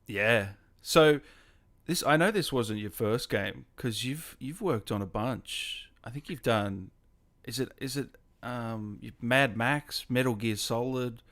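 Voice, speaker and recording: An Australian man hosting an interview over a video call, friendly and quick to laugh. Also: mid-range voice, fairly bright tone. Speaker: interview host. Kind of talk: casual interview chat.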